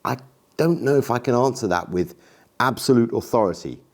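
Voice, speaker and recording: A man's voice: mid-range voice, expressive, moderate pace, a little mellow. A man in a casual gear review vlog, talking enthusiastically and self-deprecatingly. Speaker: camera gear vlogger.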